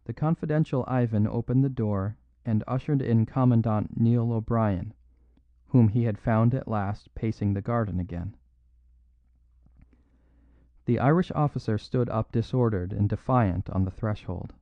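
A man narrating a classic mystery story in a measured, even reading. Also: on the low side, no room sound, phone-quality sound. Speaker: audiobook narrator.

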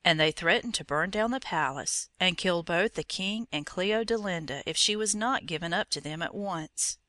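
A woman reading an old fairy tale aloud in a measured, expressive storytelling manner. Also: fairly low pitch, no room sound. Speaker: narrator.

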